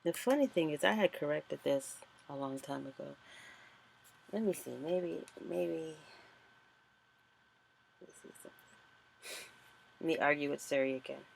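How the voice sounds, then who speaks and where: A woman's voice: low voice, moderate pace, gravelly, long pauses, a little hiss or hum. A woman author chatting casually and thinking aloud as she walks through a screen-recorded tutorial. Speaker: author and vlogger.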